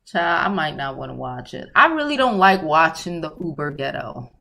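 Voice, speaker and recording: A woman's voice: sits low, lively intonation, moderate pace, creaky, sharp tone. A woman hosting a casual livestream, talking bluntly and profanely and often laughing as she answers viewer comments. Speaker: livestream host.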